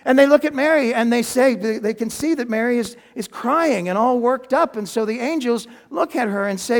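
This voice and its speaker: A man preaching a sermon, retelling a story in a lively way with folksy, humorous asides. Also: extremely high pitch, normal speed, hardly any pauses, big-room sound.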